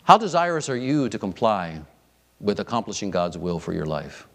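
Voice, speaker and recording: A man's voice: on the low side, very animated, normal speed, a bit bright. A man preaching a sermon, emphatic, stressing points by repeating phrases. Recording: long hall reverb.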